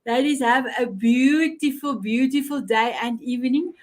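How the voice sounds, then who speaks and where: A woman's voice: high-pitched, normal speed. A middle-aged woman from Africa, hosting a live online show over a video call in an effusive manner, often repeating herself and restarting. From South Africa. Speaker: host.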